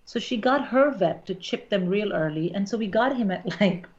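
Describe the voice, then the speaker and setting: A middle-aged woman, a stand-up comedian appearing as a guest, tells a frank, wry story in casual conversation. Her medium-pitched voice is animated and darkish in tone at a moderate pace. The recording is dull and lo-fi.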